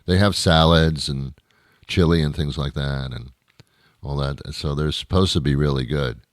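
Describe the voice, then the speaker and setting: A man's voice: very deep voice, normal speed, dry recording, studio quality. A man hosting a comedy show, delivering a rambling, grumbling monologue with stammered restarts.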